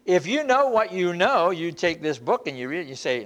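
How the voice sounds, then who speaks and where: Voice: medium pitch, animated, a little fast. A Bible class teacher giving an informal church lesson in a conversational, folksy way, often repeating and restarting phrases.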